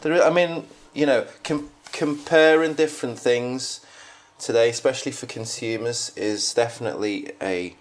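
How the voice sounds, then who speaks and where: A man's voice: mid-range voice, normal speed. A man talking in a casual, reflective monologue, rambling with frequent restarts as a podcast host. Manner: rambling, many restarts and fillers, musing.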